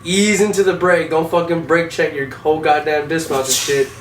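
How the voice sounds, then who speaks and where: A young man who drove an Army vehicle tells war stories casually, swearing heavily. His voice is a little high and steady at normal speed, captured in an echoey room with a distant mic and faint noise.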